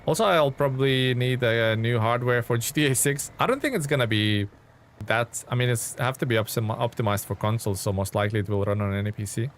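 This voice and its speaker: Streaming a game live, a man with a medium-pitched voice talks at a quick pace over slight background noise. He chats casually, rambles through his ideas with many restarts, and answers chat by name.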